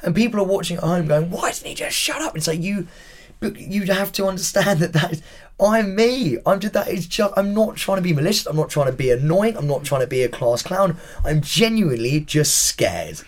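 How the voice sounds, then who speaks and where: Animated English guy telling a story. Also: high voice, a little fast. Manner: animated storytelling, swears freely. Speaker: podcast guest. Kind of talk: casual chat.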